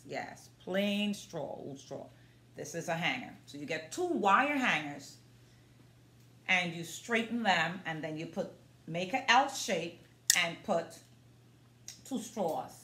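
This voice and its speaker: A woman's voice: on the low side, expressive, slow, sharp tone. A woman vlogging in an earnest, casual way, talking straight to her viewers as a motivational vlogger. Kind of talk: casual demonstration vlog. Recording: roomy echo.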